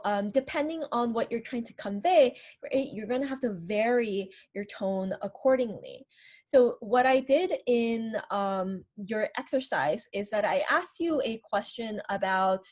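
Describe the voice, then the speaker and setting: A woman's voice: medium pitch, a little mellow. A woman instructor giving an online lecture, explaining and demonstrating how word stress changes meaning. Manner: explanatory, demonstrates stress patterns with varied emphasis.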